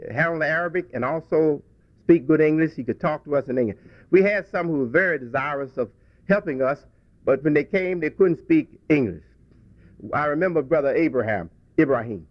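A man's voice: a little high, brisk, no echo. A man speaking to a congregation, telling a childhood story in a folksy way with frequent restarts. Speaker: religious speaker. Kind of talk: reflective talk to a congregation. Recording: dull dry lo-fi recording.

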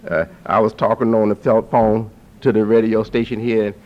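A man preaching to an audience, who repeats phrases for emphasis and climbs to forceful peaks. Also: lowish voice, a little slow. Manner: lively, rising to forceful peaks. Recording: dull lo-fi recording.

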